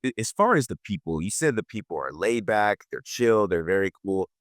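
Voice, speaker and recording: A man's voice: lowish voice, animated, fairly quick, no room sound, studio quality. A man hosting a casual interview. He often stops and restarts his questions and fills gaps with "uh". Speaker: podcast host.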